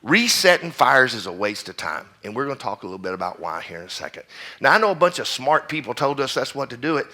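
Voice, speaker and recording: A man's voice: medium pitch, big pitch swings, fast talker, pushed and bright. A middle-aged man, a fire chief giving a blunt, preachy conference speech that keeps putting questions to the crowd.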